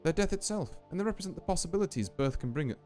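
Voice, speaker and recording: A man's voice: high-pitched, expressive, darkish tone, faint music behind, pitched above the performer's own voice. A man doing an eerie lilting graveyard keeper lady. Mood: solemn. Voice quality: faint put-on Scottish lilt. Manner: slow, deliberate, ominous storytelling. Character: eerie female graveyard keeper, calm and solemn.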